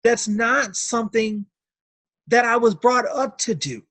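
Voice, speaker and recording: A man's voice: very high-pitched, unhurried, bright, forceful tone, no room sound. A middle-aged man telling his story as an interview guest, earnest and heartfelt, often repeating his words. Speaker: interview guest, notary signing agent. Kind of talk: emotional personal testimony.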